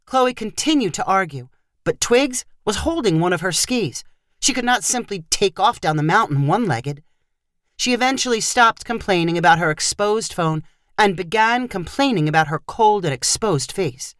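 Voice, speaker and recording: Lively woman reading a story. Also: mid-range voice, normal speed, no echo, studio quality. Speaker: narrator.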